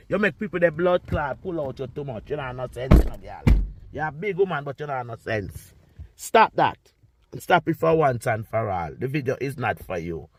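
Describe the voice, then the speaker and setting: A man in his sixties with a Jamaican accent, ranting and scolding in a repetitive vlog monologue, swinging between loud outbursts and low muttering. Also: animated, normal speed. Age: 60s. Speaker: vlogger. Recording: street traffic noise behind. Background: passing cars.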